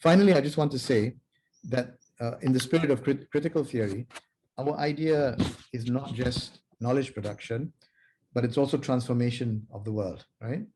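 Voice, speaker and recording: A man on a video call closing his presentation as a panelist, speaking in a measured, emphatic way and laying out his points one by one. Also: medium pitch, warm tone, a little hiss or hum.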